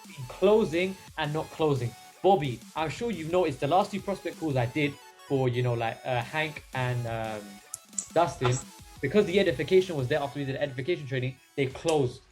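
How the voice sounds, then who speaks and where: Energetic young man coaching a sales team. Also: fairly high pitch, brisk, soft background music. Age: young adult. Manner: energetic, coaching, many fillers. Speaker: sales mentor. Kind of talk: casual training talk.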